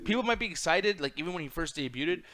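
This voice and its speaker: A man's voice: fairly high pitch, animated, fast talker, pushed and bright. A man co-hosting a casual wrestling podcast, ranting animatedly with heavy swearing. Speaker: co-host.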